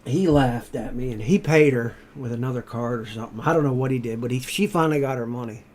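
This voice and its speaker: A man's voice: medium pitch, fast talker. A middle-aged man chatting casually, telling rambling stories, swearing freely. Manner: storytelling, swearing freely, rising loud when excited. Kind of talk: casual chat.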